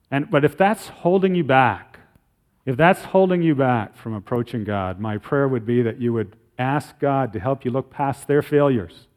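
A middle-aged man preaching a sermon as pastor, earnest, slowing down when he reads scripture aloud. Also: medium pitch, a little mellow. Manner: earnest, slows down to read scripture.

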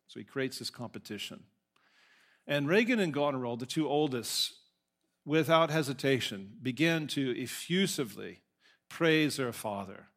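Male pastor giving a sermon, mid-pitched, chatty storytelling, corrects himself now and then. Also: fairly bright tone. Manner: conversational, with asides and self-corrections. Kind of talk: sermon with scripture reading and storytelling.

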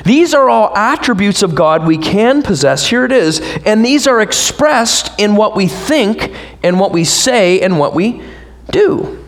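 A pastor delivering a sermon in a church. His voice sits high for a man and swings widely in pitch as he preaches. He drives his points home with rhetorical questions and light asides to the congregation. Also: lively intonation, measured pace.

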